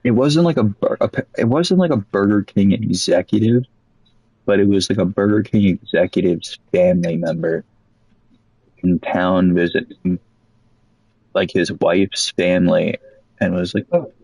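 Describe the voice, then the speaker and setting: A young man casually telling a rambling, profane story about old jobs, animated as he quotes people. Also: sits low, unhurried, husky, no echo, low-quality recording.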